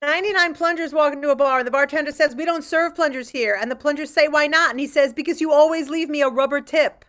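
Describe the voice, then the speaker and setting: A woman improv player tells a made-up joke with quick, animated energy. Her voice is high and bright.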